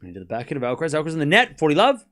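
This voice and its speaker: A man's voice: fairly high pitch, big pitch swings, racing, pushed and bright. A young Australian man hosting a live stream, calling points and chatting with viewers between rallies. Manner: chatty, laughs often, calls points between chat replies. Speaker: streamer and host. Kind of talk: live watchalong commentary, reading chat.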